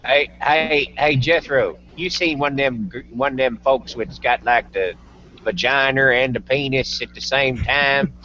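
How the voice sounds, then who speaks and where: A man's voice: medium pitch, unhurried, bright, forceful tone, dull audio, slight background noise. A man putting on a drawling redneck. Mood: crude drawl. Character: drawling Southern redneck man, crude and nosy.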